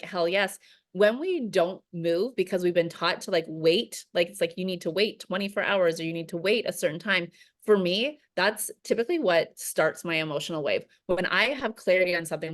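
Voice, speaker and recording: A woman's voice: on the low side, fairly bright tone. A woman coach speaking earnestly and reflectively on a video call, with lots of "like" as filler. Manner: earnest, reflective, heavy use of "like".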